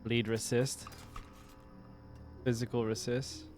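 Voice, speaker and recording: A man's voice: medium pitch, flat delivery, slow, darkish tone, soft background music. An English man with a West Country accent, chatting casually to his live-stream viewers, rambling and swearing now and then. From England. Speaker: game streamer.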